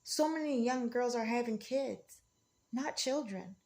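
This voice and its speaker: A woman's voice: fairly high pitch, a little slow, a little mellow. A woman speaking in an emotional, rambling monologue, defiant and often repeating herself.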